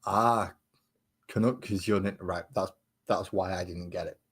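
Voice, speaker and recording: A man's voice: low voice, steady tone, a little slow, a bit bright, breathy edge. A man chats casually on a live stream while painting miniatures, trading sarcastic banter with viewers and muttering to himself as he works.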